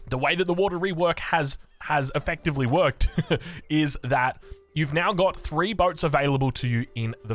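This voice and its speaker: A man's voice: mid-range voice, a bit bright. A man with an Australian accent, casting a strategy game match in a chatty, joking way. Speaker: esports caster. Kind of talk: live game commentary.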